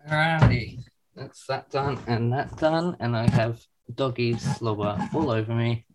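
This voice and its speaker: An excitable, theatrical man hosting a chat, sometimes rattling off a long tongue-twisting introduction. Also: medium pitch, measured pace, noisy background. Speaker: podcast host. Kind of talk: casual chat and rapid scripted intro.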